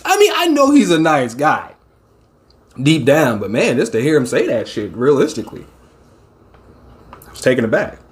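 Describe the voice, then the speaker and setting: A man hosting a casual comic-reaction talk, excitable and quick to swear and shout his reactions. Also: fairly high pitch. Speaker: manga reaction host.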